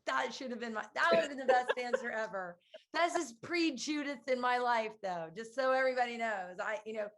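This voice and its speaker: A woman's voice: a little high, brisk, fairly bright tone. A woman hosting a conversation, chatty and hesitant, full of fillers as she tells a story. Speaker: host. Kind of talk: conversational interview.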